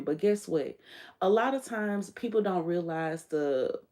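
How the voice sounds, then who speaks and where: A woman's voice: lowish voice, warm tone. A woman hosting her own livestream, talking bluntly and emphatically in a candid, profane monologue, often quoting what she told others. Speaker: livestream host.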